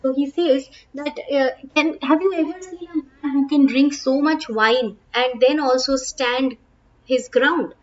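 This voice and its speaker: A woman's voice: high voice, measured pace, dull audio. A woman with an Indian English accent, reading play lines aloud and explaining each one in plain words as a teacher. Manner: reads lines aloud, then paraphrases in plain English with frequent "uh" and "okay".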